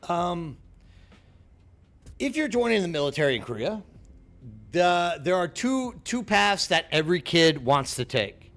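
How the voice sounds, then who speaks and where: A middle-aged man from Texas, USA, chats casually with viewers on a game stream. His voice sits high with a fairly bright tone, and he's friendly, saying "dude" a lot and often repeating words as he talks.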